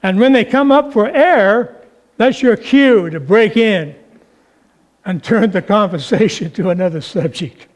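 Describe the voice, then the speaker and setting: A man preaching a sermon, with slow, emphatic, drawn-out phrasing. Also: high-pitched, lively intonation.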